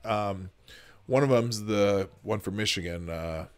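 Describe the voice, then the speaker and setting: A man's voice: fairly low pitch, measured pace. A man hosting a livestream, chatting casually and rambling with many restarts. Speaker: host.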